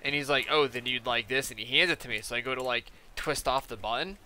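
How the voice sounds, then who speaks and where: A man's voice: medium pitch, fast, bright, forceful tone, a little hiss or hum. A young man chatting casually on a gaming live stream, rambling through a story full of fillers and quoted back-and-forth. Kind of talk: casual live-stream chat while playing.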